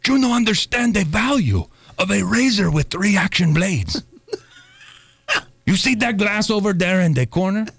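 A man's voice: sits high, expressive, moderate pace, creaky, fairly bright tone, husky, full character voice. A man playing a swaggering, menacing male gangster pharmacist in a comedy sketch, with a thick put-on accent and broken grammar, threatening and laughing at his own jokes. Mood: conspiratorial.

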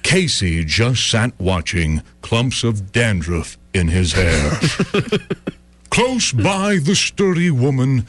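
A man's voice: mid-range voice, big pitch swings, no room sound. A man performing a comic poem to a live audience in a mock-epic, rhythmic style. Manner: mock-epic poetic delivery with rhythmic pauses. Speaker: comedian. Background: audience laughter.

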